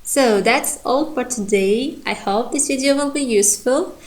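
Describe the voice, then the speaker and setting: Slow, careful woman teaching pronunciation. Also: high voice, rough recording. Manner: careful, repeats each example word slowly and deliberately. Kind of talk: recorded pronunciation lesson.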